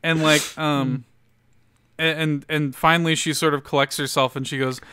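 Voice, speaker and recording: A man's voice: on the high side, little pitch movement, normal speed, sharp tone, clean tone, dry recording, clean studio sound. A young man from Louisiana casually telling a long story on a podcast, with lots of fillers and cursing. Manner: rambling, profane, laid-back storyteller with many fillers. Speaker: podcast host.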